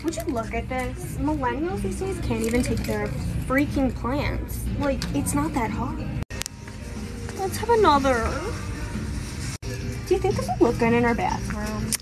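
A woman's voice: high voice, lively intonation, a little slow, poor audio. A woman acting out a rude, entitled shopper in a comedy skit, sneering and self-important. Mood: snooty. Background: loud background music.

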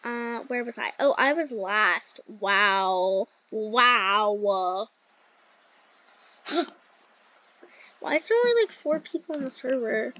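A woman's voice: sits high, expressive, normal speed, fairly bright tone. A woman hosting a gaming channel, chatting casually and giggling through gameplay commentary with lots of "like" fillers. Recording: dull lo-fi dry sound.

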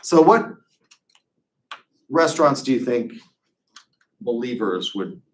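A man's voice: medium pitch, lively intonation, takes it slowly. A man giving a conversational classroom lecture as a professor, full of wry, digressive asides.

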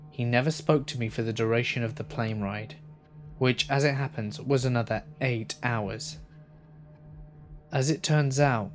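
A man narrating true horror stories in a slow, subdued scripted reading. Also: medium pitch.

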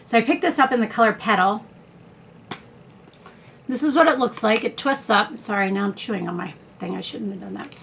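A woman's voice: mid-range voice, brisk, vocal fry, long pauses, a bit bright, slight background noise. A woman talking through a makeup haul in a chatty, rambling way, full of fillers and asides. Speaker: beauty vlogger. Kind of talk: casual product review haul.

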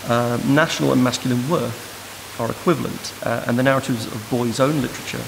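A man giving an academic lecture in a measured, thoughtful way, recorded in a lecture room. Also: medium pitch, fairly even intonation, vocal fry. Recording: noisy hiss in a reverberant hall.

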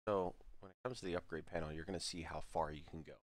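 Deep-voiced laid-back male streamer. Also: steady tone, fast talker, no room sound. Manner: laid-back, explains game mechanics offhandedly. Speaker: game streamer. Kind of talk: casual gaming chat.

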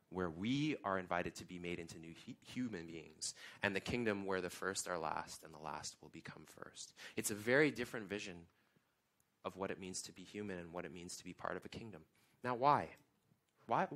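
A man's voice: medium pitch, a bit bright. Man preaching a conversational sermon. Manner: conversational, emphatic questions, occasional restarts. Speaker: guest pastor.

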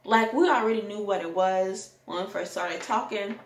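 A young adult woman telling a candid personal story in a rant, animated and sometimes breaking into song. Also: mid-range voice, normal speed. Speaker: vlogger. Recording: echoey room.

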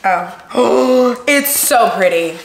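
A bubbly young woman chats to her audience while she unboxes presents at home. Her somewhat high voice leaps around with excitement, full of gasps and friendly asides. The room is roomy and echoey, with clear noise underneath. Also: extremely slow. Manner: excitable, gasping, chatty, addresses viewers as y'all. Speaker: vlogger. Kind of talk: casual unboxing vlog.

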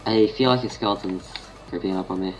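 A man's voice: low voice, steady tone, a little fast, faint music behind. A man with an Australian accent giving casual gameplay commentary, thinking aloud and muttering half-finished sentences to himself. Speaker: gaming channel host.

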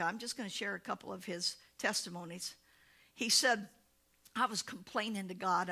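A woman pastor preaching a sermon in church, telling stories with lively acted-out quotes. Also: mid-range voice. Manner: animated storytelling, acting out quoted voices. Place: church sanctuary.

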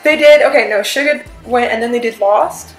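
A woman vlogger casually reviewing a concert, gushing and excitable, full of fillers and the odd swear. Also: on the high side, moderate pace, roomy sound, faint music behind, low-quality recording.

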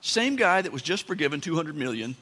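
Bright-voiced preacher guy telling a bible story, lively ups and downs, echoey church. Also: a little high, brisk. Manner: animated storytelling with asides and dramatic emphasis. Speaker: pastor. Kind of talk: sermon. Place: church sanctuary. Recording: long church-hall reverb.

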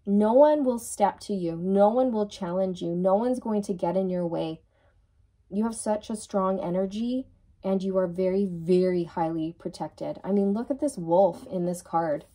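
A woman's voice: medium pitch, normal speed, dark tone. A woman giving a channeled tarot reading who speaks reassuringly and repeats words for emphasis. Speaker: tarot reader.

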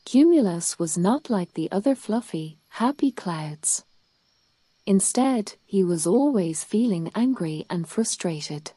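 A woman reading a children's bedtime story aloud in a calm, soothing way. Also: mid-range voice, takes it slowly, breathy edge, no echo.

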